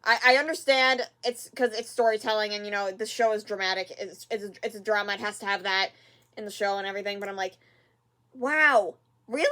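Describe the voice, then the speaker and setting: A person hosting a reaction video, talking casually and rambling with many fillers and repeats, sighing in exasperation at the show. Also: female voice, medium pitch, steady tone, a little fast, fairly bright tone.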